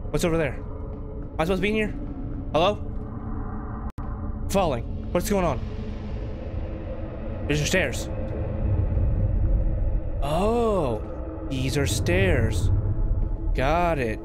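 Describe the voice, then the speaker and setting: A man's voice: on the high side, animated, slow, pauses often. A man commenting on a horror game he is playing, rambling jittery self-talk. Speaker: let's play gamer. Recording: game music behind.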